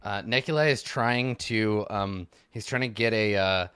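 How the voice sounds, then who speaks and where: A man narrating a tabletop role-playing game as its game master. His voice is a bit low, and he pauses with fillers often. The recording is dry and close. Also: a bit bright, clear, resonant tone, no room sound. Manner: hesitant, many fillers between lines.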